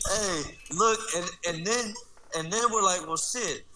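Eager high-voiced man. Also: measured pace, slight background noise, poor audio. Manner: eager, interrupting, laughs mid-story. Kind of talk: casual storytelling among friends. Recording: loud crowd of friends laughing.

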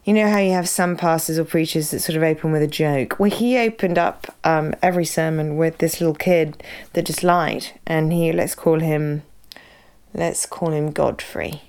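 A woman's voice: deep voice, moderate pace, a little mellow, smooth. A woman hosting a podcast, talking casually and drifting into digressive stories and asides. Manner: chatty, digressive storytelling with asides. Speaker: podcast host. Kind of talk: casual personal talk.

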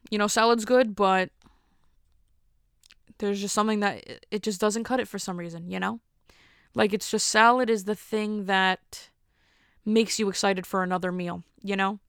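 A chatty woman hosts her podcast alone and rambles in a self-mocking way. Her voice is smooth and clear. The sound is close and dry. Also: medium pitch, steady tone, moderate pace, dry recording. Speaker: podcast host. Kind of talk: casual solo monologue.

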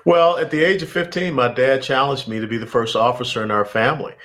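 A man in his sixties from Georgia with a Southern American accent, answering interview questions in a measured, formal way with frequent pauses. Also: medium pitch, fairly bright tone. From Atlanta, Georgia, USA. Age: 60s. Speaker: guest.

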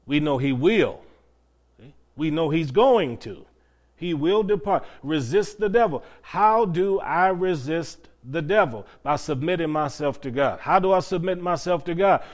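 Somewhat high-voiced man preaching a sermon. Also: animated. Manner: preaching with rhetorical questions, drawn-out emphatic phrases. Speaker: pastor.

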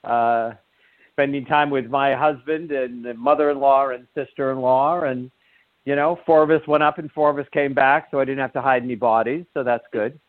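Joking radio host on a tinny line. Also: male voice, medium pitch, fairly even intonation, moderate pace, no room sound. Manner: joking, rambling, with many fillers. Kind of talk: live call-in radio chat.

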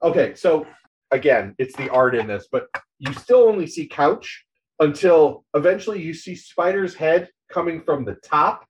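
A man's voice: a little high, expressive, moderate pace, a little hiss or hum, poor audio. A man co-hosting a podcast, casually retelling a comic story in an amused, chatty way. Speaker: podcast co-host.

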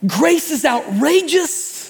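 A man preaching a sermon in an animated way, acting out voices of God and Jonah as he speaks. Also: very high-pitched, slow, vocal fry, long reverb tail. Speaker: pastor.

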